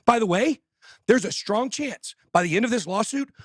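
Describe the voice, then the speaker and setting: A man hosting a show, shouting angry, fired-up insults in a breathless rant. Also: high voice, animated, moderate pace, dry recording, clean studio sound. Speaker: host. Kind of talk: ranting livestream talk.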